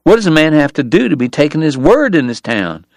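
A man's voice: a little high, very animated, fairly quick, dry recording, clean studio sound, pitched above the performer's own voice. A man voicing a sardonic, ailing frontier dentist-gambler with formal, theatrical phrasing. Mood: indignant.

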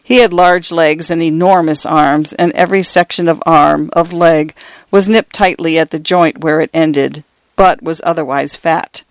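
A man narrating first-person literary fiction in a measured, even storytelling voice. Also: fairly high pitch, dry recording. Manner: measured, evenly paced storytelling.

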